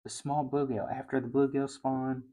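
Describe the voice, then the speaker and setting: Animated man telling a fishing story. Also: normal speed. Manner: animated, gets loud and high when excited. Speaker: fishing show host. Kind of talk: casual storytelling.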